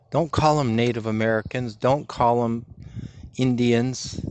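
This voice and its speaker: Slow, heartfelt tearful man. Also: medium pitch, darkish tone, a little hiss or hum. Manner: halting, heartfelt, pauses and restarts. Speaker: motorcycle travel vlogger. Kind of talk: emotional reflective monologue. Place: outdoors by a river trail.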